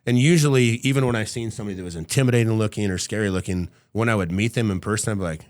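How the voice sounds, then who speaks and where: A middle-aged man with a fairly low voice tells a story as a guest on a podcast. He talks casually and swears freely. He acts out the people he quotes in quick little voices. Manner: casual and profane.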